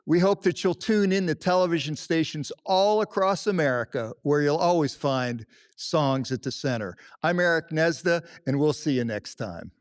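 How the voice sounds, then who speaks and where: A man hosting a music show, asking interview questions and signing off, halting with repeated restarts. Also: a little high, lively intonation. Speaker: host.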